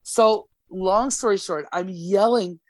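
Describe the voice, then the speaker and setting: A woman's voice: mid-range voice, slow, no echo. A woman guest on a casual podcast, telling a story with lots of swearing and acted-out quotes. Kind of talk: casual chat. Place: podcast studio.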